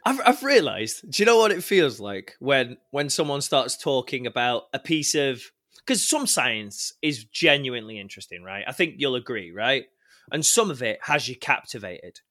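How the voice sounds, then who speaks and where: A man co-hosting a podcast, trading quick wry quips in casual banter. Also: mid-range voice, sing-song, pushed and bright. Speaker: podcast co-host.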